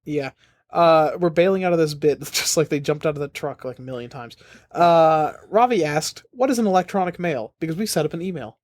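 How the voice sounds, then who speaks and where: A young man co-hosting a podcast, trading deadpan, crude jokes in casual banter. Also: fairly high pitch, moderate pace. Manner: deadpan, crude jokey riffing. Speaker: podcast co-host.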